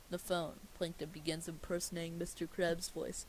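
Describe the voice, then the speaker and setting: For comedy, a man reads a cartoon movie script aloud, stage directions included, stopping now and then to question what it says. His voice is fairly high with a flat delivery at normal speed. The recording is rough, with a faint hiss in the background.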